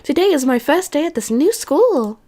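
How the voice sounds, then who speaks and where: A woman's voice: high voice, very animated, moderate pace, mellow, voice pushed up. A woman voicing a cute young female anime transfer student in a sweet, bubbly put-on voice for a game. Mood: cheerful.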